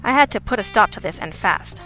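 A woman's voice: mid-range voice, animated, brisk, sharp tone, faint music behind. A woman reading an audiobook in the first person, in a wry, sardonic manner. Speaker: audiobook narrator. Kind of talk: first-person scripted narration.

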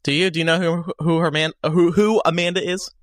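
A man's voice: fairly high pitch, little pitch movement, a little fast, no room sound. A man hosting a podcast in casual chat, leading segments with hesitant fillers. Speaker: podcast host.

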